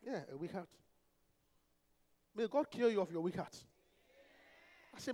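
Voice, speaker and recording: A man, a pastor preaching an emphatic, animated sermon full of rhetorical questions. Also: high voice, measured pace, in a large hall.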